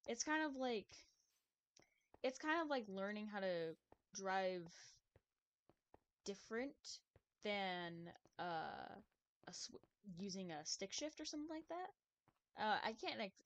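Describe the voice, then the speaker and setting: A woman streamer chatting casually while she plays a game, rambling, laughing often and cutting herself off to restart her sentences. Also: mid-range voice. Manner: rambling, chatty, giggly, many self-interrupting restarts. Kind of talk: casual live-stream chat while gaming.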